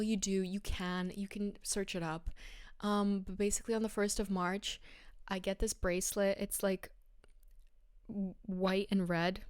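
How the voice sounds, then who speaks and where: A woman's voice: medium pitch, a little mellow, clean tone, no echo, clean studio sound. A young woman from Bulgaria hosting her own podcast in casual, rambling, self-deprecating chat, a little out of breath. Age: young adult. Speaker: podcast host.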